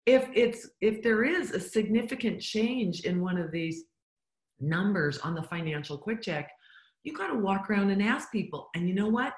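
A woman's voice: medium pitch, animated, normal speed. A woman giving a motivational business talk, emphatic and full of rhetorical questions put to the listener. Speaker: business coach. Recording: echoey room.

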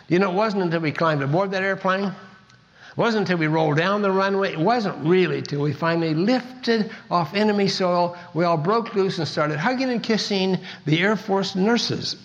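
Older male speaker, gravelly, earnest storyteller, dull lo-fi recording. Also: high-pitched, moderate pace. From Kansas. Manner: earnest storytelling with emphatic repetition. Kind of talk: motivational talk.

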